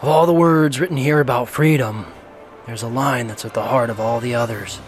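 An earnest treasure hunter, played by an actor, speaks with quiet reverence in a film scene. His voice is of middling pitch, and clear score music plays behind him. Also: brisk, natural voice. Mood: reverent. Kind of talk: film dialogue.

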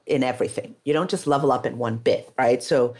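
A woman founder telling her story in an interview, animated and emphatic, laughing often and swearing now and then. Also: rumbling low, a little fast. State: near tears at times. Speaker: beauty brand founder.

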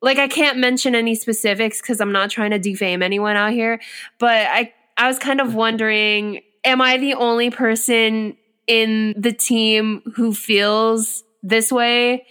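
Young woman chatting, smooth clear voice, pitched a bit high, says like a lot. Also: measured pace. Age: young adult. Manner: animated storytelling, many "like" fillers. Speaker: podcast co-host. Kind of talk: casual chat.

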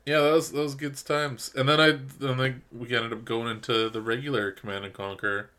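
A man co-hosting a podcast in casual chat, excitable, laughing and swearing often. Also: medium pitch, a little fast. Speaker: podcast co-host.

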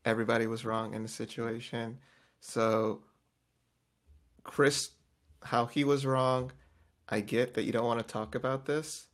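A man's voice: mid-range voice, unhurried, pauses often. A man chatting casually about a reality show, rambling, restarting and acting out quotes with bursts of volume. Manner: animated, acts out quotes loudly, rambling with restarts.

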